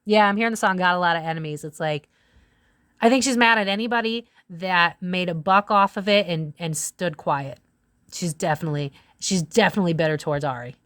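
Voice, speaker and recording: Woman tarot reader, low-pitched, dry close sound, blunt and profane, casual delivery with loud outbursts. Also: no echo. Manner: blunt and profane, quick swings into loud exclamations. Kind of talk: casual tarot reading to camera.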